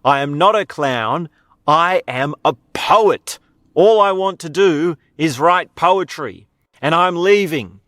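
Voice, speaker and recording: A man's voice: fairly high pitch, expressive, fairly quick, fairly bright tone, dry recording, studio quality, pitched above the performer's own voice. A man voicing a bitter male circus clown who insists he is quitting, in an exasperated, insistent way.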